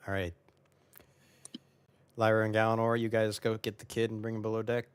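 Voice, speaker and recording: A man narrating as game master of a tabletop game, unhurried and often pausing with hesitations. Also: lowish voice, completely flat delivery, clean tone, no echo.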